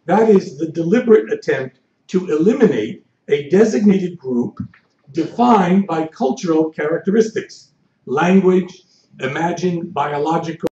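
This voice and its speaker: Older male historian, dry measured lecture voice, mellow tone, echoey far-off lo-fi hall recording. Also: on the high side, animated. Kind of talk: academic lecture. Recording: echoey hall, distant mic, dull lo-fi.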